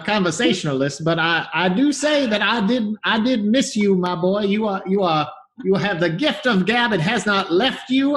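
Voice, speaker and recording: A man voicing a pompous old-fashioned gentleman adventurer who speaks in grand, fussy phrases. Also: high-pitched.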